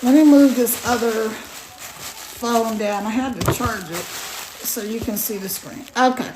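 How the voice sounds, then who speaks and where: A woman's voice: on the high side, slow pace, background noise. A middle-aged woman chatting casually on a live stream, rambling and greeting viewers by name.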